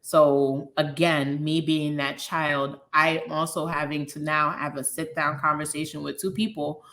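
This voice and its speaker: Her voice is low and grounded, her pace measured: a woman in her thirties of Liberian American background, a guest telling her personal story with candor. She brings scenes to life animatedly by quoting what people said.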